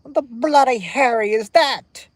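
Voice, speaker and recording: A man putting on a high, mocking British voice, playing a British man who scolds someone. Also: no echo. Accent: put-on British. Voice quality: high, shrill, drawn-out.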